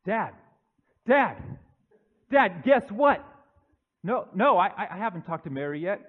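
A man preaching, acting out young Joseph as an excited young man who stammers and gushes into a phone call to his dad. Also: high-pitched, unhurried, voice pushed up, heavily acted. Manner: breathless, stammering, gushing. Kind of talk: dramatized monologue in a sermon.

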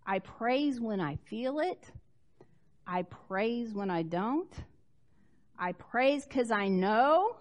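A woman preaches a sermon with a high voice. Her pitch rises and falls a great deal. She tells the story expressively, shifting from loud emphasis to hushed asides. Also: sing-song, takes it slowly.

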